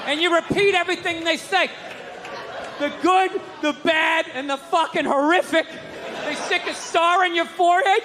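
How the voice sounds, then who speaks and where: A man's voice: very high voice, normal speed, long reverb tail. A man doing a profane, ranting stand-up routine, acting out the voices he quotes, before a live audience. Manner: profane, ranting, mock-outraged. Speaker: stand-up comedian. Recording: live club recording with crowd noise.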